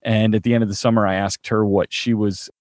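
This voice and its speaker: Chatty, animated storyteller man. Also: fairly low pitch, fairly quick, no echo, studio quality. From Chicago suburbs, US Midwest. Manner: animated storyteller, laughs while talking. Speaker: actor, interview guest. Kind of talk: casual interview.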